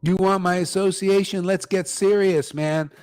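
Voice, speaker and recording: Blunt, high-voiced older man ranting. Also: fairly even intonation, normal speed, darkish tone, clear, resonant tone, faint music behind. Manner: blunt and ranting, slangy, keeps saying "man". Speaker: spiritual teacher leading a chanting gathering. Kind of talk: informal devotional talk.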